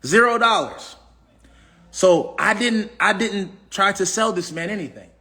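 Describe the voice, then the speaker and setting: Brief: high-pitched man, AAVE, preachy livestream motivational speaker, repeats himself. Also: expressive, measured pace, sharp tone. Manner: preachy, repetitive, asks the audience questions. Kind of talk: casual motivational talk.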